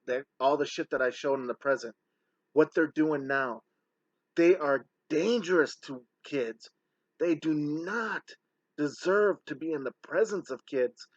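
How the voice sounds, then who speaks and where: A man talking in a heated, scornful commentary voice-over, throwing insults as he lays out his case. His voice sits at an ordinary middle pitch. The sound is dry and close, with a muffled, lo-fi edge. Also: no echo. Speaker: online scam-exposing commentator.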